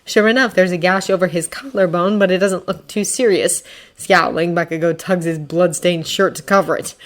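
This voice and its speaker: A woman narrating fiction as an audiobook, expressive and voicing characters. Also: lowish voice, moderate pace. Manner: expressive, acting out voices. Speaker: fanfiction reader.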